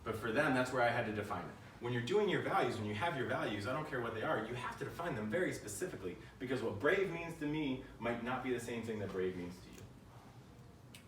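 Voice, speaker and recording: A man's voice: mid-range voice, expressive, fairly quick, a bit bright, recorded from a distance, a little hiss or hum. A man giving a live keynote talk, conversational and asking the audience questions. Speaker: keynote speaker. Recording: echoey room, voice from the mic.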